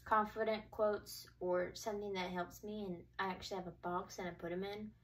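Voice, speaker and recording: A young woman in easy conversation, her voice picked up from some distance away from the mic. She talks in a relaxed way, restarting and trailing off, and keeps murmuring mm-hmm while her friend speaks. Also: medium pitch, a little fast. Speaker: co-host. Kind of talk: casual chat.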